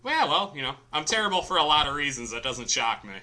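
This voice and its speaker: A man's voice: on the high side, sing-song, quick pace, bright, forceful tone. A man from Illinois co-hosting a casual podcast, bantering with enthusiastic, self-deprecating remarks. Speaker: podcast co-host.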